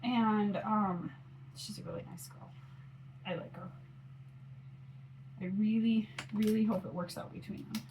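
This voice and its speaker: A woman's voice: medium pitch, fairly even intonation, measured pace, long pauses, background noise. A woman in her forties chatting casually on her phone camera while doing her makeup, rambling with lots of fillers. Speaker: mom vlogger.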